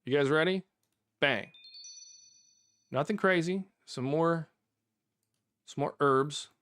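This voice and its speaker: Speaking slowly in a slightly high, somewhat bright voice, a man plays a video game on stream and chats with his viewers. Now and then he bursts out laughing in mock frustration during the live commentary.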